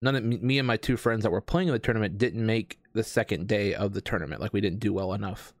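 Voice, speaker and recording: A man telling a long story in casual chat, rambling with lots of fillers and restarts, getting animated. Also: lowish voice, fast talker, dry recording, studio quality. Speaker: escape room game host.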